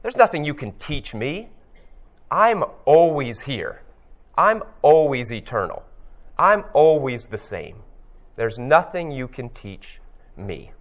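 A man's voice: mid-range voice, very animated, slow pace. A man reading as indignant, proud Death. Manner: indignant, insistent questioning. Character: personified Death, male, proud and unbending.

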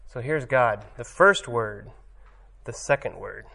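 A pastor preaching a sermon, reading scripture emphatically, then commenting in a looser way with hesitations. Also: male voice, medium pitch, takes it slowly, creaky, sharp tone.

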